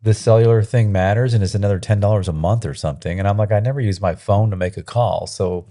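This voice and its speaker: Mellow low-voiced man chatting. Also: quick pace. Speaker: co-host of live stream. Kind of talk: casual live-stream chat.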